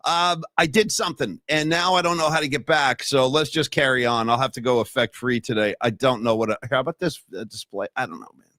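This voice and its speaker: A man's voice: mid-range voice, brisk, bright, forceful tone, dry recording, studio quality. A man co-hosting a live-streamed podcast, chatting casually and rambling in a self-deprecating way. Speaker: podcast co-host.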